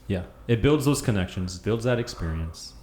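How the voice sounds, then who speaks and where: Podcast host: man, lowish voice, easygoing interviewer, roomy echoey recording. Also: lively intonation, normal speed, a little mellow. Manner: easygoing, prompting questions. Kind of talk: casual interview. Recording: echoey room with faint noise.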